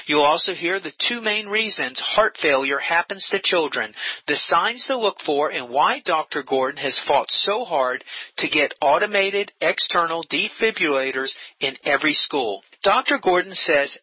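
A man's voice: on the high side, animated, normal speed, slightly rough, no room sound, highs cut off. A man announcing an upcoming interview in scripted, upbeat promotional narration. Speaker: program announcer.

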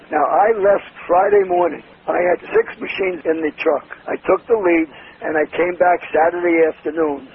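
A man's voice: on the high side, steady tone, normal speed, hardly any pauses. An older man being interviewed, bluntly telling stories about his past as a salesman and swearing freely. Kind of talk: storytelling interview. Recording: tinny, phone-like with noise.

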